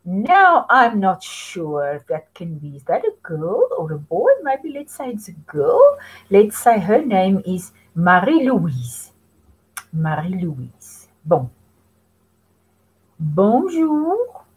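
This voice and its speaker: A woman teaches French to young children, patiently modelling phrases for them to repeat. Her mid-range voice is husky, and she prompts them slowly in a sing-song way, though the audio is poor.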